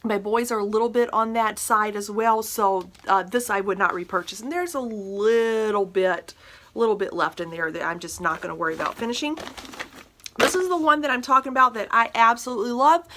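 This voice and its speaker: Middle-aged female vlogger, casual reviewer, bright tone, frank and talky. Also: fairly high pitch, brisk, slight background noise. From northern Minnesota. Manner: chatty, frank, with many fillers and restarts. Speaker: beauty and household product vlogger.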